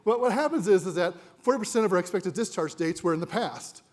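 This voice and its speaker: A man's voice: high-pitched, expressive, fast. A man presenting at a conference to a live audience, conversational and jokey, quizzing the room, and a little winded.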